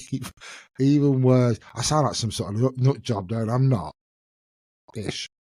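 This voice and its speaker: A man hosts a casual solo podcast, rambling and laughing at himself as he goes. His voice sits at an everyday middle pitch. The sound is dry and close, with no room echo. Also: normal speed, dark tone, breathy edge. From England. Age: 50s. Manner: chatty, self-mocking, laughs often. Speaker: podcast host.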